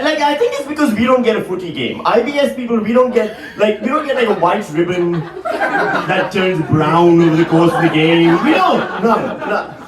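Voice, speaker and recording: Guy in his 40s doing stand-up, high lively voice, roomy hall, crowd laughing, mic kinda far. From Pakistan. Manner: animated, profane, quick asides to the crowd. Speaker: stand-up comedian. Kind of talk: stand-up comedy. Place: large hall, live audience. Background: audience laughter.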